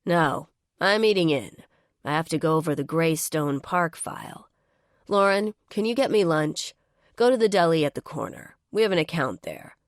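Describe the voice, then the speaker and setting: A woman's voice: low-pitched, expressive, normal speed, dry recording, studio quality. A woman voicing an arrogant male boss who gives curt orders in a romance audiobook. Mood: bossy curt. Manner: curt, bossy.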